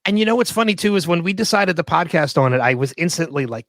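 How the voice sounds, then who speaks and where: A man's voice: fairly high pitch, animated, fast, hardly any pauses, fairly bright tone, no echo. A man co-hosting a casual podcast discussion, rambling with lots of fillers and laughing often. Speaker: podcast co-host.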